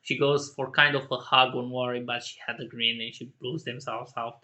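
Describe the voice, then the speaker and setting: A man in a casual solo rant who laughs often, swears, and jumps to indignant shouting. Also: mid-range voice, flat delivery, brisk. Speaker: channel host.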